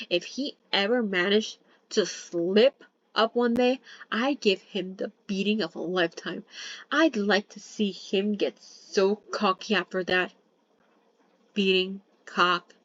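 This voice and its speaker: A woman's voice: mid-range voice, no room sound. Young woman, casual novel read-along, jokey sweary asides, dull dry home recording. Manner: joking asides, swears, self-corrects. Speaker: novel reader.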